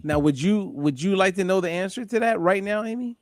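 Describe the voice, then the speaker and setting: A man hosting a group call, telling an animated story and acting out the voices of people in it. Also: high-pitched, brisk, no room sound, studio quality. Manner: animated, acts out voices in anecdotes. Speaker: host. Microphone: call audio.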